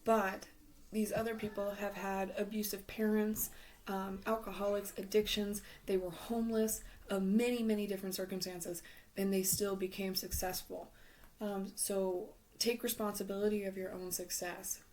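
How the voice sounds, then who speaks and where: A woman's voice: medium pitch, little pitch movement, moderate pace, a little mellow, slight background noise. A woman giving a tarot reading in a casual, advising way, losing her voice, with frequent ums and some half-whispered words. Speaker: tarot reader.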